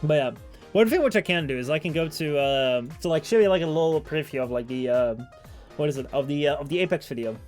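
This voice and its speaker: A man's voice: a little high, fast, a little mellow, faint music behind. A man streaming, chatting casually and rambling with many fillers and restarts. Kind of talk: casual chat.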